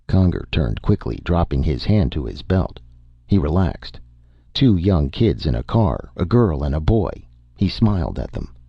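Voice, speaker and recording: Deep, gravelly man narrating a story. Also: normal speed, no echo, dull audio. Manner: steady storytelling reading.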